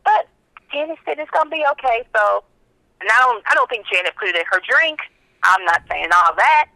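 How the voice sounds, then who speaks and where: Sassy bright-voiced woman radio co-host. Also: on the high side, a little fast, vocal fry, dry recording, rough recording. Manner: sassy, blunt, animated. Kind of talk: casual celebrity gossip chat.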